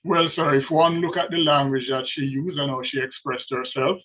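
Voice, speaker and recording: A man's voice: on the high side, fairly even intonation, normal speed. Deferential male counsel on a tinny line. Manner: formal and deferential, with frequent hesitations. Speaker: defence counsel. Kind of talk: courtroom legal submission. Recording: tinny phone-like remote line.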